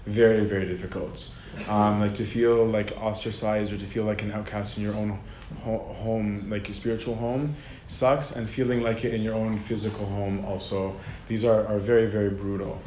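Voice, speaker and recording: A man's voice: fairly low pitch, little pitch movement, moderate pace, hardly any pauses, a little mellow. Casual, filler-heavy male lecturer in an echoey room. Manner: conversational, filler-heavy, often laughs mid-sentence. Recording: echoey room with faint ambient noise.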